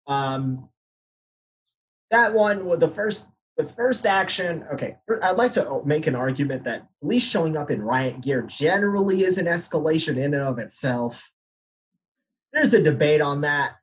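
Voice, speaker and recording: Husky young man from Arizona. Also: on the high side, poor audio. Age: young adult. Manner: candid, laughs nervously at grim news. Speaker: podcast panelist. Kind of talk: casual discussion.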